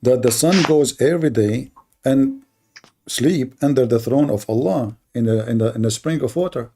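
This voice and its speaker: A man hosting a live online debate, with a gravelly, husky voice. He talks in a mocking, sarcastic way, and his tone is dark and mellow. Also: medium pitch, moderate pace. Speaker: host of a live debate stream.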